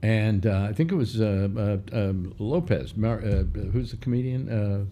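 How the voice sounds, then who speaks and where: An older man hosting a casual chat show meanders through a story, full of restarts and fillers, doing mock voices in his anecdotes. His voice is on the low side, mellow and unhurried, with slight background noise.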